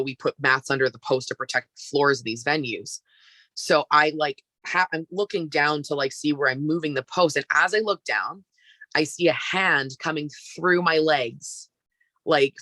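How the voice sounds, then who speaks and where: Canadian lady telling a wild story on a podcast, lots of "like"s, crisp dry mic. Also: deep voice, no echo. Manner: animated, filler-heavy storytelling. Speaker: podcast guest, wrestler. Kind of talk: casual storytelling interview.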